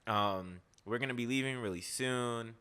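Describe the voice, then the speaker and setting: A man voicing a relaxed, slangy male airline pilot making offhand announcements in a comic podcast retelling. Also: medium pitch, normal speed, clean tone, lightly acted. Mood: laid-back. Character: laid-back casual male airline pilot.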